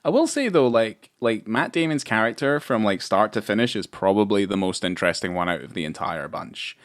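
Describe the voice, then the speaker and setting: A man's voice: lowish voice, expressive, a little fast. A man co-hosting a film podcast in casual chat, rambling with lots of fillers and swearing. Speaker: podcast co-host.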